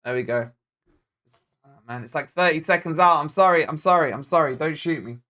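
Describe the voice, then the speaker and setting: A slightly high, pushed, bright voice belongs to a man born in Scotland who speaks with a Scottish accent and talks a little fast. He hosts a football fan channel's live watch-along, joking around loosely and replying to viewers' comments as he goes.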